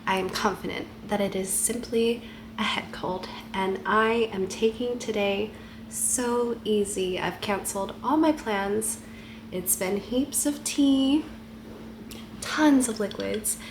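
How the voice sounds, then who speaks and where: A woman with a head cold and a stuffy voice, chatting softly and casually to camera at home. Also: medium pitch, slow pace, background noise. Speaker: vlogger.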